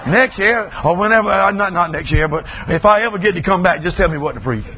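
High-voiced preacher man. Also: animated, fast, lo-fi sound, background noise. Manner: folksy storytelling that builds to shouting. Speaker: pastor. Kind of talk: Southern revival preaching. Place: large church auditorium.

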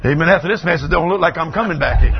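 An older man, preaching a revival sermon in a church auditorium, telling folksy stories that build into shouting. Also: on the high side, rapid-fire, creaky, highs cut off, very noisy. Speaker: pastor.

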